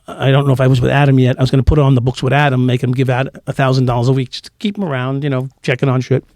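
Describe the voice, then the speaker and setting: A man's voice: medium pitch, flat delivery, very fast, a little mellow, no echo, clean studio sound. A man around sixty, a former police officer telling profane, laughing stories in a casual interview. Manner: profane, laughing anecdotal storytelling.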